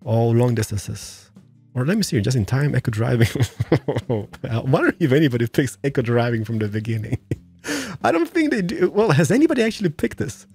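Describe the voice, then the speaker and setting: A man's voice: medium pitch, big pitch swings, brisk, darkish tone, slightly rough, faint music behind. A man giving casual, joking, exclamatory commentary while playing a truck driving game. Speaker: let's-play gamer.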